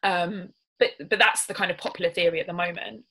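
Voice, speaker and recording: Bright-voiced woman barrister explaining law. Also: fairly low pitch, fairly even intonation, a little fast, rough recording. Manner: careful, explanatory, with many ums and restarts. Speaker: barrister presenting a legal webinar. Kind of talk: webinar presentation.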